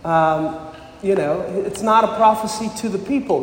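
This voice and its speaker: A man's voice: expressive, moderate pace, a little hiss or hum. A man preaching a sermon, earnest, rising for emphasis as he reads and explains scripture. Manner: earnest, rises in pitch and volume for emphasis. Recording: echoey hall.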